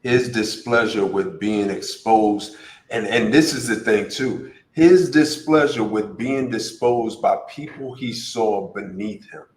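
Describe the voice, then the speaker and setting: Slow, low-voiced man in an echoey room. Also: darkish tone. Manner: thoughtful, restarts his sentences. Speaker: podcast co-host. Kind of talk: casual discussion.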